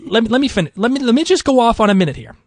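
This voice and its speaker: A man from Massachusetts with a Boston accent, co-hosting a podcast and reading listener mail in a rambling, animated way with many restarts. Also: very high voice, very fast, no room sound. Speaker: podcast co-host.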